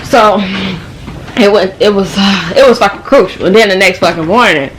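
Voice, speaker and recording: A young woman telling her story straight to camera in loose, slangy talk full of swearing. She's animated and keeps the tale rolling, with a faint hiss behind her. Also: mid-range voice, normal speed. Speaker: vlogger. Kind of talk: casual storytime.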